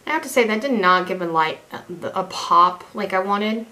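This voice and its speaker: A woman's voice: mid-range voice, animated, moderate pace, bright, forceful tone. A young woman chatting casually through a makeup tutorial as a beauty vlogger, rambling, self-deprecating and restarting her sentences.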